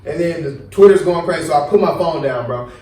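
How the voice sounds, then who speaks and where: Young male podcast host, casual and animated, acts out quotes; recorded off-mic in a roomy echo. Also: on the high side, quick pace, distant mic. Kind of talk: casual chat. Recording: echoey room, voice a bit off-mic.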